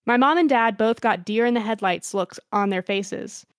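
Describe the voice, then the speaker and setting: A woman's voice: a little high, moderate pace, dry recording. A young woman hosting a podcast, reading a listener's story aloud and then chatting, wry and self-mocking. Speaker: podcast host.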